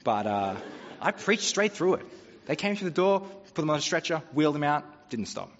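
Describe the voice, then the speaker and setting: A pastor delivers a sermon in a slightly high, sing-song voice at a moderate pace, telling humorous stories in a conversational way. The church recording sounds dull, with a long reverb.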